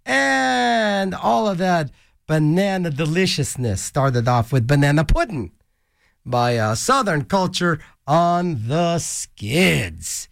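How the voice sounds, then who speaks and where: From a small studio, a man hosts a college radio show, rambling through goofy, joking asides and silly voices between songs in casual DJ banter. His fairly high voice is expressive, slow, and creaky, captured on a studio microphone with no room sound.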